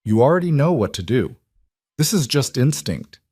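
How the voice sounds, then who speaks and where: A man voicing a patient single father, talking gently but firmly in a story reading. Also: medium pitch, very animated, moderate pace, slightly rough, dry recording, clean studio sound, pitched above the performer's own voice. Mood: teasing. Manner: gentle, reassuring.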